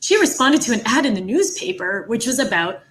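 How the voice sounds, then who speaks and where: A young woman co-hosting a casual podcast, animated and full of fillers. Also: a little high, brisk, a crowd in the background, poor audio. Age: young adult. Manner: animated, laughs, uses many fillers. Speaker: podcast co-host.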